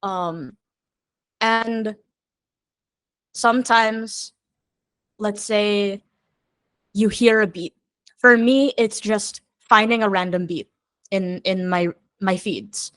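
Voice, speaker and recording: A woman songwriter speaks as a guest in a candid, chatty conversation. Her speech is slow and unhurried, and she thinks aloud as she goes. The recording sounds close and dry. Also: medium pitch, a bit bright, no room sound.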